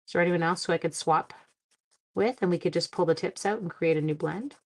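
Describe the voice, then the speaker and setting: Chatty Canadian woman hosting a crafting live stream, slightly low voice, greets viewers as she works. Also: a little fast. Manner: chatty, greets viewers by name, thinks aloud. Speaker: card-making livestream host. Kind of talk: casual live-stream chat while crafting.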